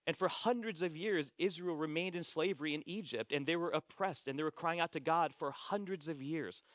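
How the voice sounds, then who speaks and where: A man's voice: fairly high pitch, fairly bright tone, dry recording, studio quality. Earnest male pastor preaching. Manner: earnest, repeats phrases, slows for quoted scripture. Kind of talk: sermon. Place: church sanctuary.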